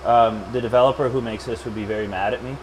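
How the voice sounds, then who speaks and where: A man in a server lab walks through a storage cluster setup in an easygoing, chatty way, cracking jokes and wandering into side comments. His voice sits at an ordinary middle pitch. A faint hum of room noise runs under the talk. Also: fairly even intonation, quick pace. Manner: joking, chatty, rambling asides. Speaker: storage engineer presenting a build. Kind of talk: casual hands-on tech demo.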